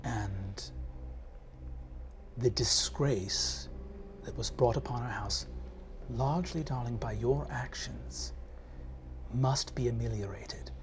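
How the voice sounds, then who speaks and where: Brief: haughty aristocratic mother, deluded and cold, hushed breathy whisper, voiced by a man, whispered role-play. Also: mid-range voice, a little hiss or hum, natural voice. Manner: soft breathy whisper, slow and measured.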